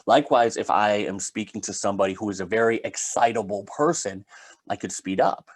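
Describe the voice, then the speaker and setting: A man's voice: lowish voice, fairly quick. A man giving a conversational solo talk on sales, explaining step by step with casual fillers. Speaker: sales trainer.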